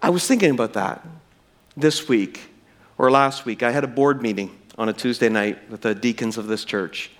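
A man's voice: medium pitch, steady tone, normal speed. A middle-aged man preaching a sermon in church, telling a personal story in an earnest way and closing in prayer. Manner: earnest, storytelling, addresses listeners as friends. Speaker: pastor.

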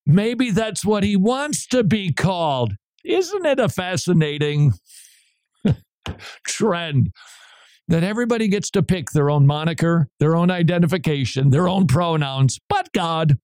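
Lively, chatty male radio host. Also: sits high, unhurried, no room sound, studio quality. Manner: chatty and digressive, laughs between remarks. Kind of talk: casual on-air banter.

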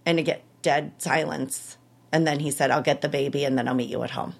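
A woman's voice: sits low, fairly even intonation, fairly quick, vocal fry. A woman in her thirties, an interview guest, telling a personal story candidly and with emotion, laughing at times.

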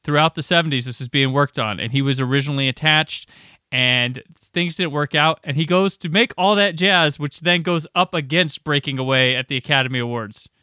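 A man hosting a podcast, chatting casually about a film with rambling anecdotes and quick asides. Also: on the high side, pushed and bright, no echo, studio quality. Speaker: podcast host.

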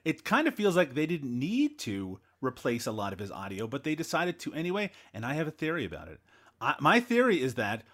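A man's voice: medium pitch, huge pitch swings, brisk, a bit bright. A Canadian man hosting a casual movie review podcast, teasing his co-hosts and laughing often. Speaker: podcast host.

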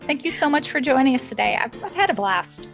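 A woman co-hosting a podcast, telling stories in an animated, casual way. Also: sits high, fairly quick, creaky, soft background music. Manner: animated storyteller. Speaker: podcast co-host. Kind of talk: casual chat.

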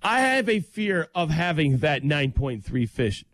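Brief: excitable male co-host, lively up-and-down delivery, dry close sound. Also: fairly high pitch, unhurried, no echo. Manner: animated, excitable storytelling. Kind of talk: casual chat.

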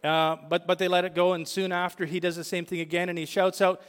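A man's voice: high-pitched, little pitch movement, fast talker, a bit bright, clear, resonant tone, long reverb tail. A male pastor preaching a sermon, asking the congregation questions and building emphatic lists.

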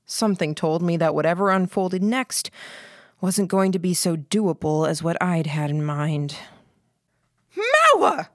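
A woman reading a first-person story aloud in a steady, reflective way. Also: lowish voice, normal speed, no room sound, studio quality. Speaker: audiobook narrator. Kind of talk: first-person scripted narration.

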